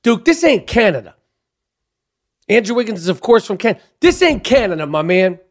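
A man's voice: high voice, very animated, fairly quick. A man hosting a sports talk show, ranting profanely and speaking straight to the players he criticizes. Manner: profane, emphatic, addresses players directly. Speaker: sports podcast host. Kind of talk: opinionated sports rant.

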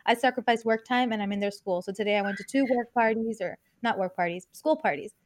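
A middle-aged woman co-hosting a parenting podcast, telling animated stories about her kids in casual chat. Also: on the high side. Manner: quick, animated storytelling. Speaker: podcast co-host.

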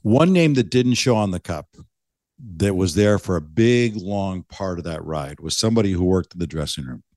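A man with a very deep voice hosting a podcast, asking about stories in an easygoing, teasing way. His voice is recorded close and dry. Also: animated, moderate pace, darkish tone, dry recording. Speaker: podcast host. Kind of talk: casual interview.

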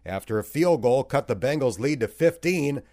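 A man reading a scripted football recap in a wry, expressive way. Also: medium pitch, normal speed. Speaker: recap narrator. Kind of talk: scripted sports recap narration.

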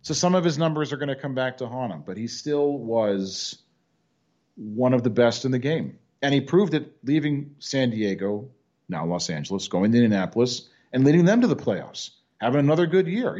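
A man's voice: medium pitch, lively intonation, moderate pace, a little mellow. Opinionated male podcaster, dull lo-fi sound. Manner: opinionated, arguing his case. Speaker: podcast co-host. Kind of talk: casual sports chat.

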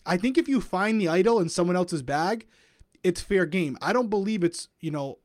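Male podcast co-host, slightly high voice, dry close sound, casual, muses aloud. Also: lively intonation, moderate pace, no room sound. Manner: musing, thinks aloud with many hedges. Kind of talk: casual recap chat.

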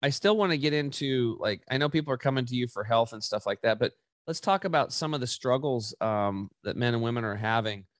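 A middle-aged man hosting a podcast, chatting casually and animated, acting out quotes in high voices. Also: fairly quick, few pauses, dry recording, studio quality. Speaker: podcast host. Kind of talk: casual interview chat.

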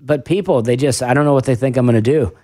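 A man's voice: mid-range voice, quick pace, mellow, dry recording, clean studio sound. A man with a faint Southern accent, a stand-up comedian talking casually on a podcast, rambling and self-deprecating with lots of restarts. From American South.

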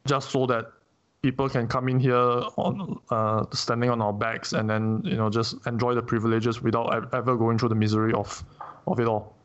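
A man's voice: medium pitch, fairly even intonation, normal speed. A man from Singapore giving a serious, insistent opinion, posing rhetorical questions. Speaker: interviewee. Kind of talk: earnest opinion talk. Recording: dull lo-fi sound.

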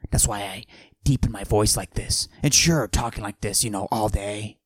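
A man doing a cocky macho guy with a forced deep whisper. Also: normal speed, dry recording. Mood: swaggering. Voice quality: forced low gravelly voice, often whispered. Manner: boastful, deadpan absurd bragging. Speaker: podcast host. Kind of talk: comic character monologue.

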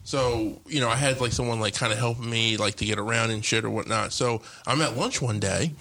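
A man's voice: medium pitch, brisk. A young man casually telling a long story on a podcast, rambling, with lots of fillers and swearing. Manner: rambling, heavy on fillers and profanity, animated retelling.

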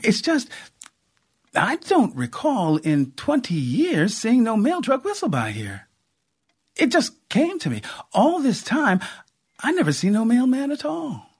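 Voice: mid-range voice, wildly swooping pitch, a little slow, husky, voice pushed up, heavily acted. A reader voicing a shrewd, plainspoken rural aunt who talks in folksy speech with double negatives, in a storybook reading. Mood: musing. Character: plainspoken rural aunt, middle-aged woman, warm and shrewd.

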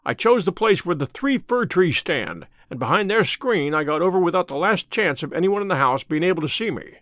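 A man reading the part of a sharp, wry, confident male detective in an audiobook, with a brisk, dry and self-assured delivery. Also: sits high, lively intonation, no echo.

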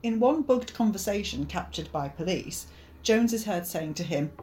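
A woman's voice: medium pitch, animated, darkish tone. A woman co-hosting a casual true-crime podcast, reading out case details and teasing her co-host. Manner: chatty, quick to tease.

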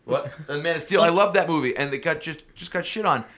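Bright-voiced man in podcast chat. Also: on the high side, fast. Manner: animated, rambling with restarts.

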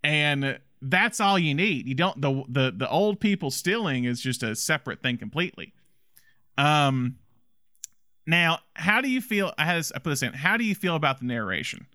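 A man co-hosting a laid-back movie chat, his voice bright and forceful and a bit higher than most. He gets animated, laughs readily and restarts sentences when excited. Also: moderate pace, no echo, clean studio sound. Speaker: podcast co-host. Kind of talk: casual film discussion.

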